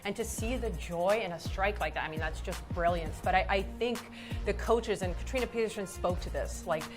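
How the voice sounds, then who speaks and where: Enthusiastic woman pundit, forties, mid-pitched, light music behind. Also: brisk. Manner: enthusiastic, chatty, frequent restarts. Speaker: soccer analyst and former goalkeeper. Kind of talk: casual studio panel talk.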